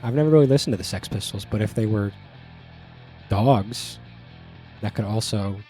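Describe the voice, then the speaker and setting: A man streaming a video game, reading the on-screen text aloud and joking in relaxed asides. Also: fairly low pitch, normal speed, soft background music.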